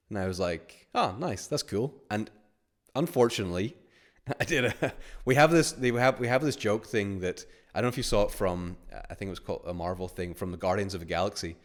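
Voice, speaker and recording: A man hosting a live course webinar, talking casually in rambling anecdotes, reading out chat comments and sometimes swearing. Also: on the low side. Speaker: course host.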